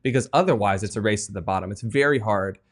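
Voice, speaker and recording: Earnest storytelling man, low voice. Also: fast. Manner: earnest, animated storytelling with laughs. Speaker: guest author. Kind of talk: conversational podcast interview.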